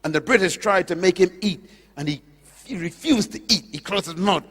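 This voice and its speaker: A man preaching with a high, lively voice that leaps between soaring declarations and low, drawn-out words. He puts pointed questions straight to his listeners. His voice rings with long reverb through a large auditorium. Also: husky. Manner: impassioned, emphatic, swings from loud declarations to low slow drawn-out words; addresses listeners directly with questions. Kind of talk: sermon.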